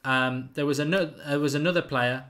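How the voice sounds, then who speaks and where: A man hosting a live football quiz stream, chatting casually and quickly reading out viewers' names and answers. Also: a little high, fairly even intonation, a bit bright. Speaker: football channel host running a live quiz.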